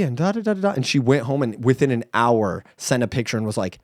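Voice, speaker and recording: A man's voice: brisk, few pauses, no room sound, studio quality. A man in his thirties co-hosting a casual podcast, telling a story with lots of swearing and acted-out quotes. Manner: animated storyteller, acts out quotes with pitch jumps and swearing. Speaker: podcast co-host. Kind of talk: casual chat.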